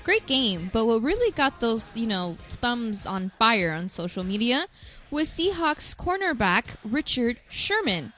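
A woman's voice: on the high side, very animated, measured pace, bright, forceful tone, soft background music. A woman co-hosting a casual chat show, telling a story in a chatty way. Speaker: co-host.

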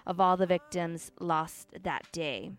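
A woman's voice: lowish voice, slow. A woman presenting a news segment on a casual podcast, cheerful and giggly in chat, plain when reading.

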